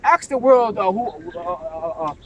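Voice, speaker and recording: Emphatic high-voiced preaching man. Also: animated, measured pace, low-quality recording. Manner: emphatic, keeps asking "right?" and saying "man". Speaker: religious teacher. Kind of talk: preaching-style scripture discussion.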